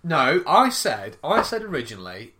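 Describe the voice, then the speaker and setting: A man co-hosting a podcast, rambling and animated, laughing and swearing as he reads stories. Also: on the high side, normal speed. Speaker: podcast co-host reading news stories. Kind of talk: casual podcast banter.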